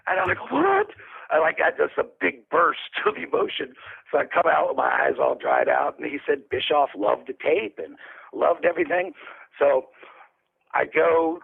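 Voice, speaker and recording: A man's voice: fairly high pitch, big pitch swings, moderate pace, vocal fry, husky. A man telling rambling, profane anecdotes as an interview guest in casual storytelling. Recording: tinny phone-line audio.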